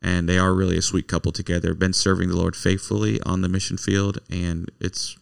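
A man's voice: low-pitched, level tone, brisk, vocal fry, clean tone. A man hosting a casual chat, joking and teasing his guests in a rambling way. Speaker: host.

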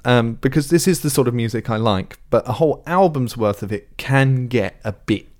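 A man's voice: mid-range voice, expressive, moderate pace, a little mellow. A young man casually reviewing a song, talking at length in a rambling, thoughtful way. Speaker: music podcast co-host. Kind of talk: casual music review chat.

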